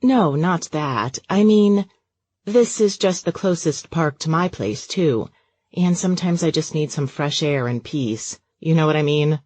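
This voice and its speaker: A woman's voice: deep voice, moderate pace, a little mellow, dry recording. A woman voicing a nervous, flustered young woman who talks in awkward, rambling bursts. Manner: awkward, rambling, self-conscious.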